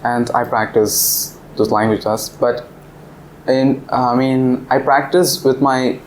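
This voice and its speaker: A man's voice: medium pitch, steady tone, slow pace, low-quality recording. Chatty young man explaining to a class. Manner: chatty, laughs often, explains step by step. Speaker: visiting language teacher. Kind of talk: casual classroom discussion. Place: classroom in a language club.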